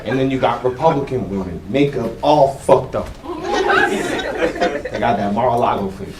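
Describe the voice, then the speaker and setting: A man's voice: medium pitch, moderate pace, far from the mic, very noisy. A man doing stand-up comedy, brash and profane, riffing with the audience in a comedy club. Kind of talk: stand-up comedy with crowd work. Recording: echoey club with loud crowd laughter.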